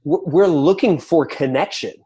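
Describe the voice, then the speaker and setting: A man's voice: on the high side, normal speed, mellow, breathy edge. A man in his forties, a podcast guest, talking casually and energetically with lots of restarts. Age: 40s.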